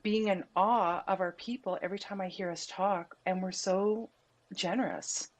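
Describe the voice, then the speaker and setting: A woman on a podcast telling a story with earnest, animated delivery. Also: medium pitch, moderate pace. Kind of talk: podcast conversation.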